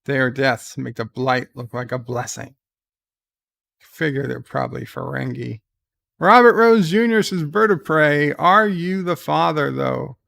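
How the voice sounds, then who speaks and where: A man giving casual live commentary on a TV episode, loosely recapping scenes and reading viewer chat questions aloud, thinking out loud as he answers. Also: medium pitch, steady tone, measured pace, gravelly, dry recording. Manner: thinks out loud with fillers and restarts.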